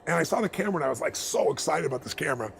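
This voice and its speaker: Fast, animated male storyteller. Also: on the high side, creaky, soft background music. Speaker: motivational speaker, guest. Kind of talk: storytelling interview answers.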